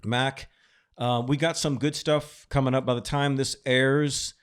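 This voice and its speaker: A male podcast host with a clean-toned, medium-pitched voice speaks a little slowly. Chatting casually, he tells stories with animation and laughs often.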